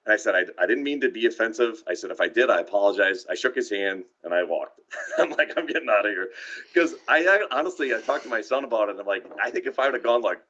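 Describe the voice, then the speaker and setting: A man's voice: medium pitch, bright, forceful tone, a little hiss or hum. A man casually telling a rambling story on a live stream, often restarting his sentences and laughing. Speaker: podcast co-host. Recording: dull lo-fi live stream audio.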